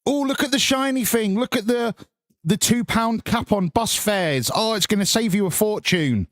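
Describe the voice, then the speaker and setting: A man's voice: sits high, normal speed, fairly bright tone, dry recording, studio quality, pitched above the performer's own voice. A man doing a mocking, sing-song take on a smug male politician showing off his good deeds. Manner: sing-song, showy, self-praising.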